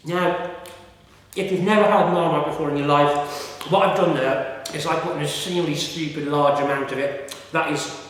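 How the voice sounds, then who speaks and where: Brief: rambling vlogger, filler-heavy, very echoey recording. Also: male voice, a little high, fairly even intonation, normal speed, pauses often, fairly bright tone. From United Kingdom. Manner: rambling, chatty, many fillers and restarts. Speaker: food reviewer. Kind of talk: casual vlog talk. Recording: echoey room with long reverb.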